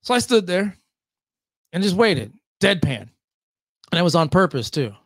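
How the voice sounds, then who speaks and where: A middle-aged man from the Lansing area telling stories as a podcast guest. His voice sits high and swings widely, and he acts out other people's lines. The sound is close and dry. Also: a little slow, gravelly, no room sound. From Lansing, Michigan area. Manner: lively, acts out quotes with big pitch jumps. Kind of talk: animated storytelling in casual conversation.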